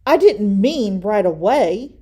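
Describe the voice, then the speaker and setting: A woman voicing an upset, hot-tempered young boy bear cub who shouts indignantly in a storybook reading. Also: mid-range voice, sing-song, slow.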